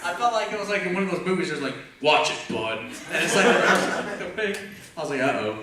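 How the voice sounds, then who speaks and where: A man's voice: high-pitched, normal speed. A man from Texas telling a rambling, profane story on a convention panel, laughing often. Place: convention hall before an audience. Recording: echoey hall, mic far off, crowd.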